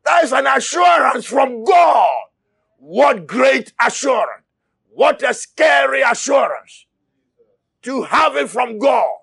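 A man preaching a fiery sermon, shouting and crying out, repeating his words as he presses his listeners. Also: very high-pitched, sing-song, takes it slowly, gravelly, breathy edge, dry recording, studio quality.

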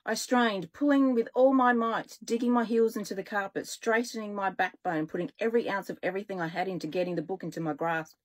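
A woman children's author reading aloud from her own stories, with lively, expressive storytelling. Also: mid-range voice, brisk, hardly any pauses.

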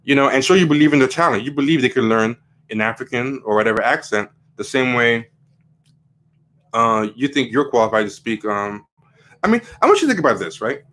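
A man's voice: mid-range voice, animated, a little fast, fairly bright tone. A man hosting a livestream, giving casual opinion commentary in a rambling way, with frequent fillers and emphatic rising questions. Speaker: livestream host.

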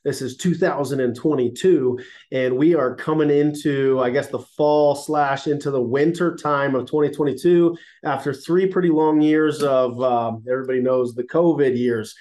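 A man's voice: medium pitch, steady tone, moderate pace, mellow. A man in his thirties, a chiropractor giving a casual livestreamed health talk, sounding congested and nasal, folksy and enthusiastic, recorded on laptop and phone mics.

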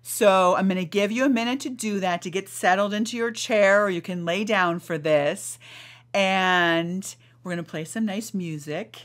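A woman's voice: mid-range voice, moderate pace. A woman, a weight-loss coach and podcast host, giving emphatic coaching talk and leading a guided meditation, often asking "right?".

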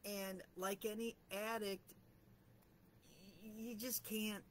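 Woman, middle-aged, casual vlog reflection, self-deprecating, medium pitch, faint noise behind. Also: little pitch movement, takes it slowly. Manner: chatty, candid, self-deprecating. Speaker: vlogger.

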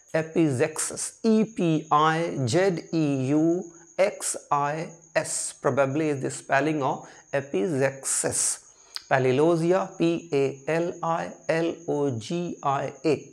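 A male literature teacher lecturing on a poem at an unhurried pace. He circles back over his phrases, restarting lines and spelling out technical terms letter by letter, in a slightly raised voice. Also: a little high.

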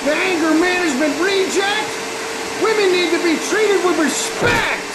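A man narrating a crude comedy video, shouting rhyming insults with exaggerated outrage. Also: very high-pitched, normal speed, very noisy.

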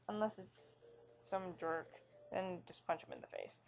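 A woman's voice: on the low side, steady tone, a little slow, darkish tone, a little hiss or hum. A woman giving casual, jokey commentary as she plays through a game, reading its text aloud with wry asides. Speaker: let's play host.

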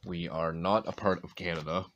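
A card-opening channel host from Maine, a deep-voiced man with a light New England accent, rattles off player names between chatty asides while opening packs. His sore throat makes him clear it repeatedly, and wrappers rustle faintly behind his fairly even, moderately paced talk. The lo-fi recording has a noisy background.

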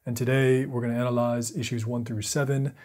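A man's voice: mid-range voice, level tone, a little fast, darkish tone. A man narrating a video essay, shifting between playful self-mockery and dramatic storytelling.

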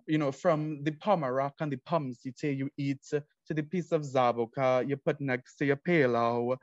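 A man's voice: fairly high pitch, no echo, muffled recording. A young man from Trinidad and Tobago with a Trinidadian accent, giving an earnest, explanatory student presentation. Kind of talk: academic presentation.

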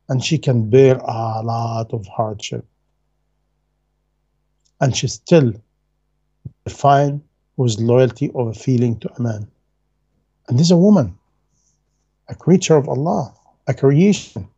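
Dark husky lecturing man, earnest. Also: mid-range voice, dull audio. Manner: earnest, emphatic, repeats key phrases; non-native English grammar. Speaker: Islamic lecturer. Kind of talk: religious lecture.

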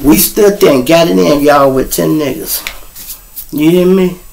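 A man's voice: a little high, measured pace, gravelly, darkish tone, rough recording. A middle-aged man, the host, telling street stories in a casual, profane monologue aimed straight at his viewers. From Chicago. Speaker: storyteller host.

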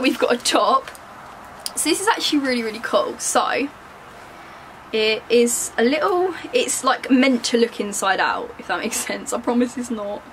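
A woman's voice: fairly high pitch, fairly bright tone, slight background noise, poor audio. Bubbly giggly young woman. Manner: bubbly and giggly, joking with viewers. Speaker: fashion vlogger. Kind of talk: casual try-on haul chat. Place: at home.

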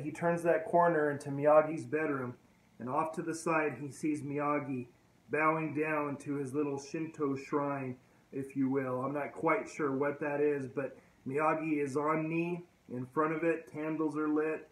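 Male vlog host: easygoing retelling, slow with pauses, roomy echo. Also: a little high. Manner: unhurried, with frequent "uh" pauses. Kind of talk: casual movie retelling.

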